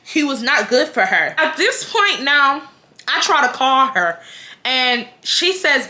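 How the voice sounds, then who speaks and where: A young woman from Houston tells a storytime straight to her phone camera, her voice bright and a little high. She talks fast and heated, full of cursing and worked-up asides. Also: big pitch swings. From Houston, Texas. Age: 20s. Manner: profane, heated, rapid storytelling. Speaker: vlogger. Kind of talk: storytime vlog rant.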